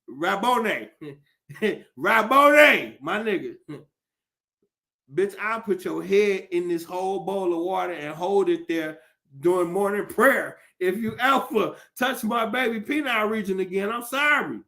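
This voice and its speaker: Man, podcast host, comedic rant, profane, animated, high pitch, forceful tone. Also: a little slow. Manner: profane, animated, laughs often.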